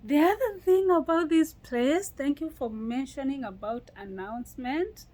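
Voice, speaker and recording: Young Kenyan woman, casual vlog chat, lively storyteller, slightly high. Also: a little slow, rough recording. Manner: animated storytelling with frequent laughs and restarts. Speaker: vlogger.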